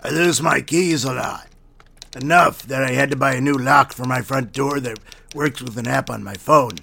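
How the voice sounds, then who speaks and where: A man reading a short first-person story aloud in a steady, matter-of-fact way. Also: medium pitch, normal speed, vocal fry, a little hiss or hum. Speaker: story reader.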